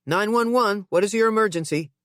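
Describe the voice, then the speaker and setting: A woman reading an audiobook, voicing a calm, procedural emergency dispatcher. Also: mid-range voice, no room sound, studio quality, pitched above the performer's own voice, close to an everyday voice. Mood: businesslike. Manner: brisk, procedural.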